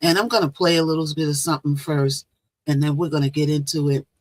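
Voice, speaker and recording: A woman's voice: sits low, fairly even intonation, fast, dry recording. A woman hosting a casual live stream, chatting and repeating herself as she greets viewers. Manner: chatty, repeats phrases, talks to viewers directly. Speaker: livestream host.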